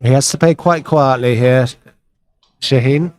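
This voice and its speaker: A man calls a backgammon match live in a chatty, easygoing way, tossing in wry jokes and playful sound effects. His voice sits at an ordinary middle pitch. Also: unhurried, darkish tone. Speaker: commentator.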